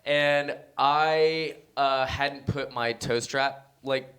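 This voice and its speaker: Young male guest, lively storyteller, smooth clear voice. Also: mid-range voice, extremely slow. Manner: animated storyteller, acts out quotes. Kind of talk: casual interview chat.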